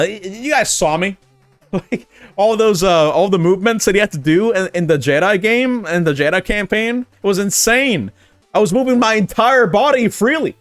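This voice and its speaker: A young man streaming live, giving casual, rambling commentary full of restarts and fillers, sometimes laughing as he gets excited. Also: a little high, no echo. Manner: gets excited and laughs when recalling fun moments.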